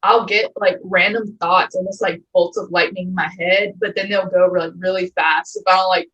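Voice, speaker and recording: A young woman in her twenties hosting a podcast in casual chat, animated and quick to get excited, swearing casually. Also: on the low side, highs cut off. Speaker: podcast host.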